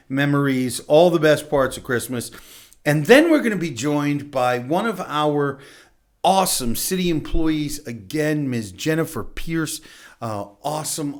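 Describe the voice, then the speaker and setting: A middle-aged man hosting a local TV talk show, chatty and upbeat, laughing often. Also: fairly high pitch. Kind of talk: casual chat on local TV.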